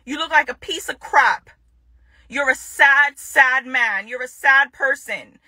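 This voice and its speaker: With a Jamaican accent, a woman rants straight to the camera in a confrontational vlog, repeating phrases for emphasis. Her voice sits high, slow, bright and forceful, with no room sound.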